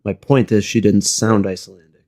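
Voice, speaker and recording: A man with a low voice debating over a call. He stays dry and persistent and repeats his question over and over. He pushes back calmly while the other man gets louder. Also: normal speed. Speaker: debater criticizing the trailer. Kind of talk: online debate.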